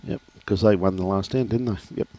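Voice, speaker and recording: A low-pitched man commentates a lawn bowls match live. His talk is chatty and joking, full of "mate", and it is recorded close and dry with no room sound. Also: fairly even intonation, brisk, warm tone, dry recording.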